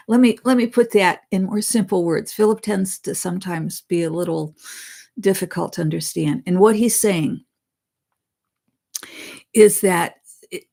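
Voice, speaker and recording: A woman with a low-set speaking voice reads spiritual messages aloud to her audience. She often breaks off to explain them in simpler words and laughs at her own slips. Her tone stays earnest, and she speaks to listeners as friends. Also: measured pace, vocal fry, long pauses, warm tone. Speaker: psychic medium.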